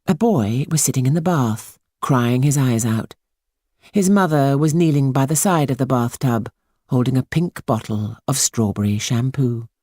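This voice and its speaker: A woman reading a children's story aloud in a hushed, suspenseful manner. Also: a bass voice, normal speed, no echo, studio quality. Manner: hushed and suspenseful, lingering on words. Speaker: audiobook narrator. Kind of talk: scripted storybook narration.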